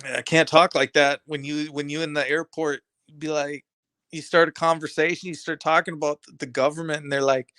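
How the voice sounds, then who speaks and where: A man's voice: a little high, level tone, a little fast, sharp tone, smooth, no echo, clean studio sound. A man hosting a live stream, chatting casually and rambling to his viewers in streetwise slang.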